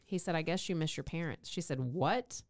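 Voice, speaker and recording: A young woman co-hosting a casual chat podcast reads romance novel passages aloud, swearing, laughing, and going mock-dramatic as she acts out the dialogue. Her voice is deep and darkish, at a moderate pace.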